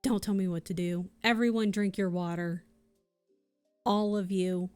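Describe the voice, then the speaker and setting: A woman streamer in loose, unscripted chat, ranting and swearing as she goes. Her voice sits at an ordinary middle pitch for a woman. Soft music plays faintly behind her. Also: steady tone, a little slow, clean tone. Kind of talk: casual livestream chat.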